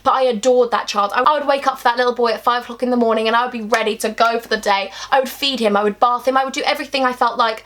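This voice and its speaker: A woman's voice: fairly high pitch, steady tone, rapid-fire, hardly any pauses, fairly bright tone. A young woman from England telling a chatty, emphatic storytime vlog, acting out bits of dialogue. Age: young adult. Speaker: vlogger.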